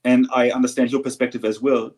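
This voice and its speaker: A man chatting casually as a guest on a stream, speaking in halting, hesitant bursts with many restarts. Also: medium pitch, little pitch movement, darkish tone, slightly rough, low-quality recording. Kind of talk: casual chat.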